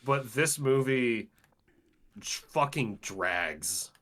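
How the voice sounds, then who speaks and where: Bright-voiced man ranting casually. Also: mid-range voice, expressive, drawn-out words. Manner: exasperated, swearing, rambling. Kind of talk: casual film-breakdown chat.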